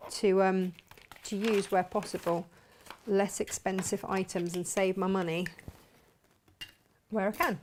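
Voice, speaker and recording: A woman's voice: mid-range voice, a little hiss or hum. Chatty woman sewing on camera. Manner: chatty, self-mocking, talks while working. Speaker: sewing vlogger and shop owner. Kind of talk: casual sewing tutorial chat.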